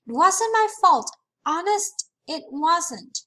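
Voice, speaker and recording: A woman's voice: sits high, fairly even intonation, normal speed. Woman voicing a whiny, tearful young schoolgirl. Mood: pleading. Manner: pleading, whiny.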